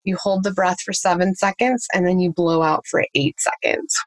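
A woman with a slightly low voice explains parenting techniques in an interview, practical and patient. She lays out each step with examples. The sound is dry and close, with no room around it. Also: moderate pace, dry recording. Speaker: parenting coach. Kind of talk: conversational interview answers.

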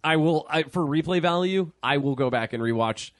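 A man co-hosting a podcast, talking excitedly about horror shows, swearing and acting mock-annoyed. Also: on the high side, moderate pace, dry recording, clean studio sound. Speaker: podcast co-host. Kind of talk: casual banter about movies and TV.

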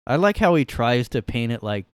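A man's voice: mid-range voice, very animated, normal speed, clean tone, no echo. A man hosting a casual solo podcast from his room, ranting sarcastically and rambling through his opinions. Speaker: podcast host.

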